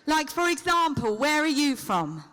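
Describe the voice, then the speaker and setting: A woman's voice: high-pitched, big pitch swings, normal speed, noisy background. A woman on a convention stage speaking into a handheld microphone. She trades playful, teasing jokes with a live audience during a Q&A. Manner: teasing, playful comic patter. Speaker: celebrity convention guest.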